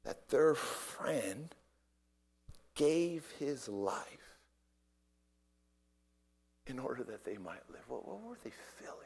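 Man, preacher, sermon storytelling, unhurried delivery, stumbles into repeated words. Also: mid-range voice, expressive, gravelly, slightly rough. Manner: dramatic storytelling, swings from shouting to hushed whispers; repeats words when he starts a line.

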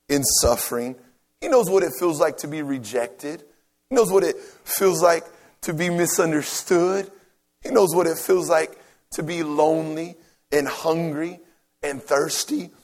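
A man preaching a sermon, emphatic and repetitive, dropping to soft near-whispers on key phrases. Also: a little high, unhurried.

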